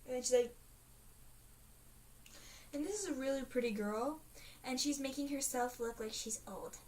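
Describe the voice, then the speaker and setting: A woman's voice: on the high side, a little mellow. A teenage girl chatting in a casual video diary, rambling and dramatic, full of fillers. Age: teens. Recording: faint hiss, mic a bit distant.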